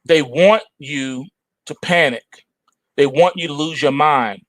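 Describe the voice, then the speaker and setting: A middle-aged man hosting a market show, delivering a forceful, repetitive opinion monologue. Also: fairly high pitch, a little slow, dry recording, rough recording. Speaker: trading show host.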